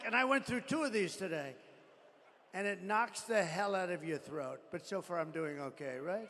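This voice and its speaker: A man's voice: high voice, animated, moderate pace, pushed and bright. An older man giving a rambling, boastful rally speech into a podium microphone, often griping angrily about the sound. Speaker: political rally speaker. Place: large rally venue. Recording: echoey arena with faint crowd.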